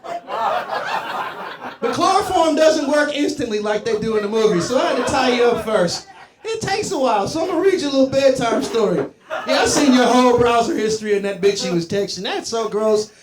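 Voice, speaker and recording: A man from Columbus, Ohio performs stand-up on a club stage with a handheld mic, bantering loosely and profanely with the crowd as he rambles. His very high voice is expressive at normal speed, and the club is echoey with audience laughter.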